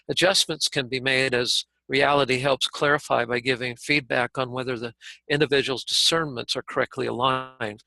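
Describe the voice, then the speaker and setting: A man reading an explanatory text aloud in a steady, even way. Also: mid-range voice, creaky, no echo, rough recording. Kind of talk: scripted reading.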